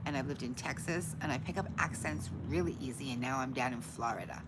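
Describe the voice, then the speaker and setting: A woman's voice: extremely low pitch, a little fast, very noisy. A middle-aged American woman from Long Island hosting a casual livestream, chatting with viewers in a rambling way and laughing often. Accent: mixed American, no fixed regional accent. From Long Island, New York. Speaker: livestream host. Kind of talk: casual chat with live viewers.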